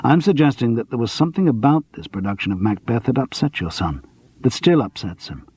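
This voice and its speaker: A man playing a calm, probing sleuth. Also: medium pitch, breathy edge, no room sound. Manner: measured, persistent, cool. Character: calm probing man, quietly insistent investigator. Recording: dull lo-fi dry audiobook recording.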